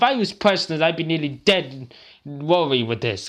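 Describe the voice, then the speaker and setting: A man's voice: on the high side, animated, moderate pace, fairly bright tone. An Irish man ranting to camera as a vlogger, agitated and upset, close to tears, swearing and repeating himself. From Ireland. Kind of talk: angry rant to camera.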